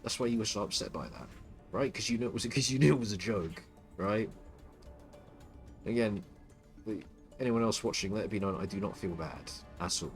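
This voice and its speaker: A male streamer in the middle of a scornful, profanity-laced rant, tripping over his own words as he doubles back. His voice runs on the low side. Soft music plays behind him. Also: expressive, fairly quick, pauses often. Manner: contemptuous, stuttering restarts, swearing. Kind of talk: ranting stream commentary.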